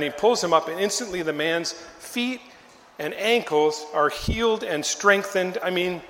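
An older pastor preaches a sermon, telling the story in a lively, conversational style and voicing the bystanders in little character voices. His voice is high, and the sound is reverberant, as in a big room.

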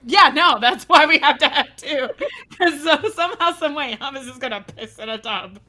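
High bright-voiced woman on a podcast, giggly and rambly, just chatting with friends. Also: moderate pace, slight background noise. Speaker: podcast co-host. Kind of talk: casual chat.

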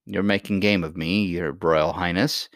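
A man reading a storybook, voicing a stubborn boy who answers gruffly and sulkily. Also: low voice, steady tone, unhurried, no room sound, studio quality. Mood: sulky. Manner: gruff, sulky, offended.

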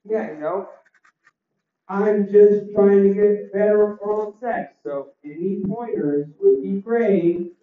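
A man doing a deadpan stand-up set with one-liners and crowd chat, his voice a little crackly, on a small club stage. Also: high voice, slow. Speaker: stand-up comedian. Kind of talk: open mic stand-up set. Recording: roomy, distant, dull club recording.

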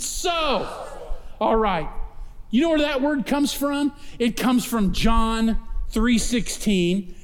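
A man preaching a sermon as pastor, emphatic, climbing to loud calls for his congregation to answer. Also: sits high. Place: church auditorium. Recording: long reverb of a large hall.

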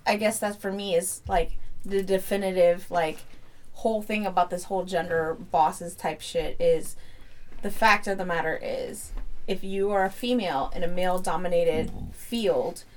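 A woman in her thirties talks casually as a podcast co-host. She is blunt and swears freely, and she acts out the people in her stories with lively put-on voices. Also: on the low side, normal speed. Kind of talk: casual chat.

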